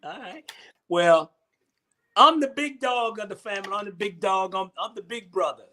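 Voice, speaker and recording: A man's voice: sits high, moderate pace, pushed and bright. A man hosting a casual comedic chat show, rambling and repeating himself. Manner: rambling, repeats himself, Southern Black vernacular. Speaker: host.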